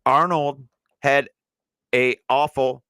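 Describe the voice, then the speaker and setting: A man hosting a casual sports talk stream. He answers the chat with pointed argument and sometimes slows down to drive a point home. His voice is mid-pitched and recorded dry and close. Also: fairly even intonation, bright, forceful tone, clean tone, dry recording. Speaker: sports show host.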